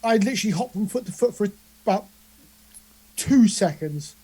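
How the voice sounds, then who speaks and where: A woman with a mellow voice talks her way through a tabletop game with friends. She rambles with eager asides and restarts, her words tumbling out. Her tone stays dark and soft rather than bright. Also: mid-range voice, breathy edge. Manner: excited, rambling, quick asides. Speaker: player.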